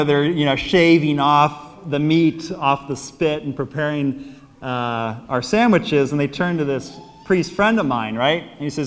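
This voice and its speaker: A man with an American accent, a priest giving a homily, an animated storyteller who acts out quotes and laughs often. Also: fairly high pitch, measured pace, big-room sound. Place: church.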